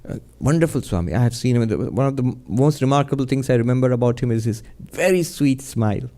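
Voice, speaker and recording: A man, a monk, giving a spiritual talk in a gentle, reflective storytelling manner, often chuckling. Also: medium pitch, expressive, fast.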